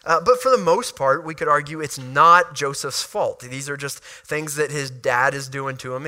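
A man's voice: on the high side, bright, forceful tone. A man preaching a sermon, reading scripture and explaining it in a conversational way, with frequent restarts and asides.

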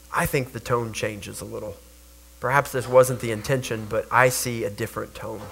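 Bright-voiced male preacher. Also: mid-range voice. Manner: earnest preaching with rhetorical questions and repeated words. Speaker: pastor. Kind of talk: sermon.

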